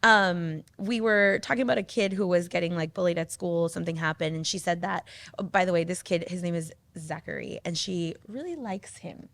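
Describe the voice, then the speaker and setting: A woman in her thirties hosting a podcast, chatting casually and telling animated stories, acting out what her daughter said. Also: on the low side, brisk. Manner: animated storyteller, acts out quotes of her daughter. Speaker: podcast host. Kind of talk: casual chat.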